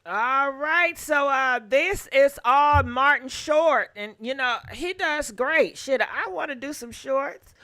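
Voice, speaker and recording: A woman hosting a casual gossip livestream, animated and profane, talking straight to her viewers. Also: sits high, slow.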